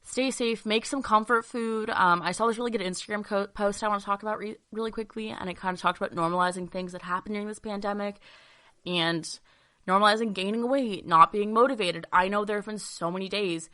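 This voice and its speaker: A woman's voice: medium pitch, a little fast, pushed and bright. A young woman hosting her own podcast, chatting casually and gushing, with lots of fillers. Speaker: podcast host. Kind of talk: casual solo podcast chat.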